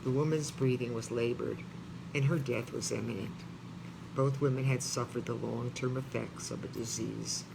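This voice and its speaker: A man reading a memoir aloud in a heartfelt, pausing way, stopping now and then to talk to his listeners. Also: mid-range voice, steady tone, vocal fry. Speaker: reader. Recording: noisy background ambience.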